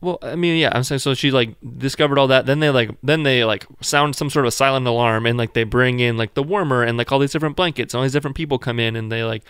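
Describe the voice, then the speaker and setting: A man recounts his child's birth in a casual, rambling way, packing his talk with "like" and cracking jokes as he goes. His voice is medium-pitched and a bit bright, quick with few pauses, with a clean tone and no echo.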